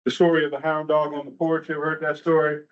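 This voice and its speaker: A man's voice: on the high side, level tone, fast. A man from Atlanta giving a motivational, storytelling keynote at a training event, with a rhythmic delivery and rhetorical asides. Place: large room at a training event. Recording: muffled, distant from the mic.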